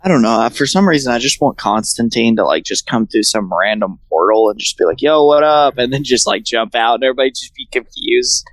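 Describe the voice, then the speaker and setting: A man co-hosting a casual podcast chat, animated and quick to act out quotes in silly voices. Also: mid-range voice, no echo, low-quality recording. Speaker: podcast co-host.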